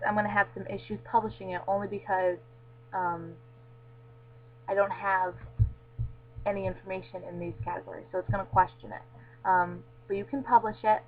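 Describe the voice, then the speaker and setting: A woman's voice: medium pitch, flat delivery, fast. Woman narrating a tinny screencast tutorial. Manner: casual, frequent ums. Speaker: tutorial presenter. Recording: tinny lo-fi mic with faint hum.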